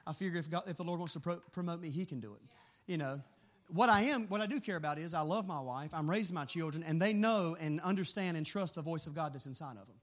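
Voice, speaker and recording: A middle-aged man preaching a sermon, telling animated stories in a quick, excitable way. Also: on the high side. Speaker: pastor.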